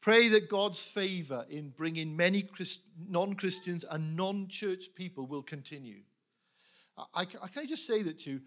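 A man preaching earnestly to a church congregation, animated, with laughs and quick asides. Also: on the high side. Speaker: pastor appealing for prayer. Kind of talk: sermon.

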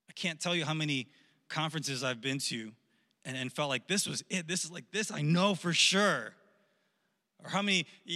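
A youth pastor in his thirties preaches a casual sermon in a voice on the high side, pushed and bright. He repeats words and leans hard on key phrases, and the recording carries a long hall reverb.

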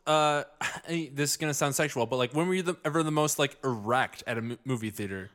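A man in casual podcast chat, rambling and halting with lots of restarts and jokes. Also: medium pitch, a bit bright. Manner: rambling, halting, many likes and restarts, joking.

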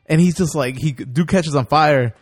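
A man with a fairly high voice telling a laid-back story. He slips into voices for the people in it and swears casually. Faint music plays behind him. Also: moderate pace. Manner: laid-back storyteller, acts out characters' lines. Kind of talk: casual chat.

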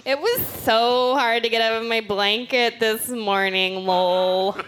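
A woman's voice: a little high, slow, fairly bright tone, a little hiss or hum. A woman playing a giggly flirty pig lady. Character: flirty female pig chatting online. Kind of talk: improv comedy scene.

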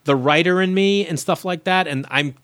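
A man's voice: a little high, normal speed, no echo. A man, a comedian telling stories from his early years in a casual chat, acting out the people he quotes and swearing freely. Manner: animated storyteller, acts out quoted voices, swears freely. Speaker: comedian guest.

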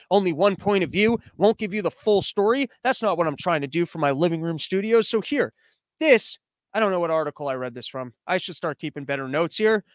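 A man's voice: sits high, no echo. A man hosting a show from his living room studio, riffing in a rambling, sarcastic way with frequent restarts. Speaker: podcast host. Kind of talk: casual comedic commentary.

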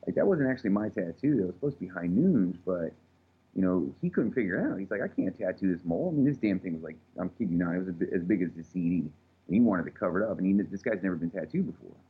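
A man's voice: low-pitched, lively intonation, fast talker, husky. A man, a tattoo artist telling a rambling, profane story in casual chat, recorded with thin phone-like sound.

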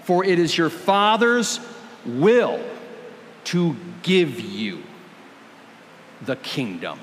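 High-voiced man preaching a sermon. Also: very animated, in a large hall, slight background noise. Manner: earnest and emphatic, with dramatic slowdowns. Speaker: pastor. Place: church.

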